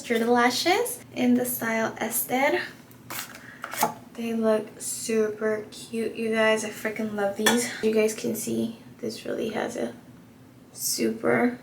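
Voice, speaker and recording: A young woman vlogging while she does her makeup, telling a story in a chatty, animated way full of fillers. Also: fairly high pitch. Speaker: beauty vlogger. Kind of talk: casual get-ready-with-me storytelling. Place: home room while doing makeup. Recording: echoey room with faint ambient noise.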